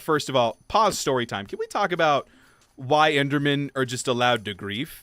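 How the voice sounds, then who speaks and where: A young man livestreaming, casually telling a story while gaming, acting out quotes in high voices. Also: big pitch swings, moderate pace, bright, forceful tone, no room sound. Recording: faint game music behind.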